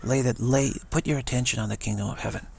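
A man's voice: medium pitch, fairly even intonation, fast, darkish tone. A man giving an emphatic spiritual talk, often repeating and restarting words. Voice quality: gravelly and husky. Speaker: spiritual teacher.

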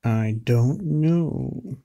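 A man's voice: medium pitch, very slow, creaky, mellow. A man chatting casually while playing a mobile game, joking and eagerly cheering for good results. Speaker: co-host summoning for a viewer.

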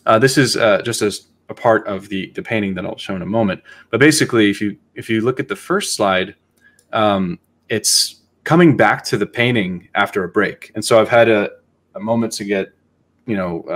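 Guy hosting a chill podcast, lowish voice, thinking out loud, kinda halting. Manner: reflective, halting, thinks aloud. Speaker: podcast host. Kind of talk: casual podcast talk.

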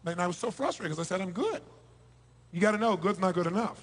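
A man delivers a motivational seminar speech, his voice sitting high for a man. He is emphatic, driving some points loud and dropping others to a hush. His voice rings with the long reverb of a large hall. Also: very fast. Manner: emphatic, swings between loud bursts and hushed lows. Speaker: motivational speaker. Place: large hall before a live audience.

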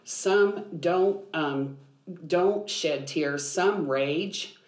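A woman's voice: on the low side, very slow, darkish tone. Earnest woman counselor in a roomy space. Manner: earnest, explanatory, with frequent ums. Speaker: biblical counselor. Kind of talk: podcast conversation. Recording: roomy echo.

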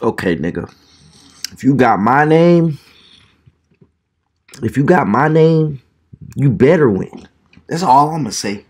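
A man's voice: medium pitch, very animated, takes it slowly, long pauses, slightly rough. A man hosting a reaction video, making joking, slangy comments over fight clips. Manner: joking, slangy, laughing asides.

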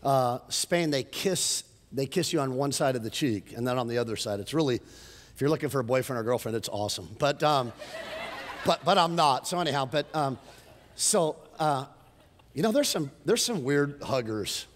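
A middle-aged man preaching a sermon as pastor, telling stories in an animated way and rising to emphatic points. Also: mid-range voice, moderate pace. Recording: long hall reverb.

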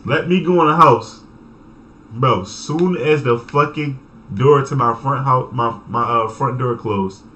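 Young male storyteller, bright forceful voice, profane, animated, laughs easily. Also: medium pitch, a little hiss or hum. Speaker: vlogger. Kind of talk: casual storytime.

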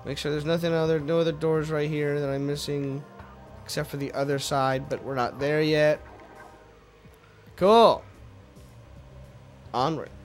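A man hosting a let's play, giving casual gameplay commentary that swings from low mumbling to frustrated shouting, with free swearing. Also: fairly even intonation, a little slow, pauses often, faint music behind.

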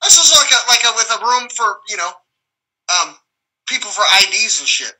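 A man's voice: sits high, animated, moderate pace, slightly rough, rough recording. A man telling rambling, profane stories in a casual live conversation, often acting out other people's voices. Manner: acts out quoted voices loudly.

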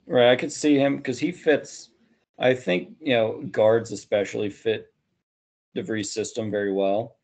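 A man's voice: mid-range voice, fairly even intonation, measured pace, a little mellow. A man hosting a casual sports podcast, rambling and hedging with plenty of "you know" fillers. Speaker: podcast host.

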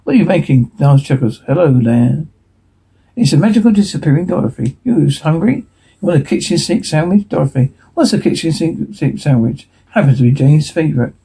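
A man reading a TV episode transcript aloud in a hurried way, stumbling and restarting words now and then. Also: on the high side, lively intonation, creaky, warm tone, breathy edge, poor audio. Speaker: reader.

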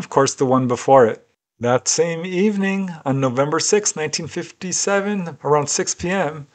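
Man narrating in a raised voice. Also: a little high. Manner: measured, deliberate retelling. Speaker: UFO researcher and narrator. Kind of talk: narrated case storytelling.

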